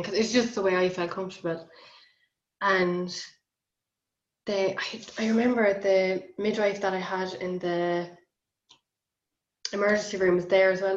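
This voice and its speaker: A woman's voice: medium pitch, reverberant, highs cut off. A woman telling her birth story in a chatty, casual way, laughing often. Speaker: podcast guest.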